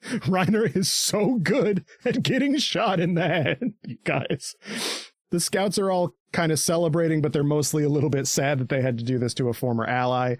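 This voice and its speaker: A man hosting a podcast in a loose, rambling, jokey way, cursing freely as he talks. His voice sits a bit high for a man, and the recording is dry and close with no room sound. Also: normal speed, no room sound. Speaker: podcast host. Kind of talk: casual podcast chat.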